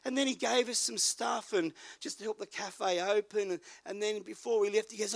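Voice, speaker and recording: High, gravelly pastor preaching. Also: male voice, brisk, few pauses. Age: older. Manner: folksy storyteller, swings between quiet and loud. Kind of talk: sermon with personal story.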